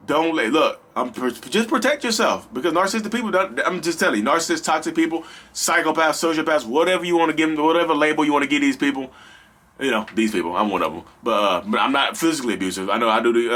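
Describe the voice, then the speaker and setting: A man hosting a casual advice vlog, talking straight to his viewers in an animated, slangy, rambling way. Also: on the high side, quick pace. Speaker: vlog host.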